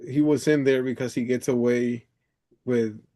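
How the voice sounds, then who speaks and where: A man's voice: mid-range voice, fairly even intonation, moderate pace, mellow. Chatty man telling a story on a call. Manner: chatty storyteller, laughs often, swears, says "bro" a lot. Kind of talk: casual chat on a coaching call.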